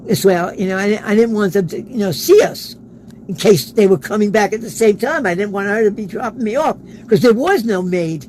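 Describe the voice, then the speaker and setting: A man's voice: sits high, brisk, a little mellow, slight background noise, poor audio. A man, an interview guest, telling a personal story in a casual way and acting out the quoted dialogue. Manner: acts out quoted dialogue in his stories.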